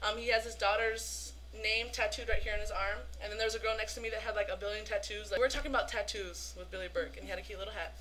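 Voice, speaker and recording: A young woman vlogging as a fan, telling a story in an excited, gushing way, full of "like" fillers. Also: mid-range voice, quick pace, few pauses.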